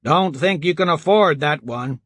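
A man voicing a rough, menacing male market trader in a storybook, gruff and dismissive with a husky voice. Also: a little high, measured pace, a bit bright, dry recording.

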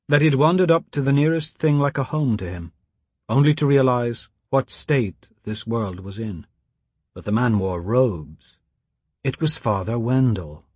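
Husky male audiobook narrator. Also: mid-range voice, no echo, clean studio sound. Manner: measured, quiet storytelling.

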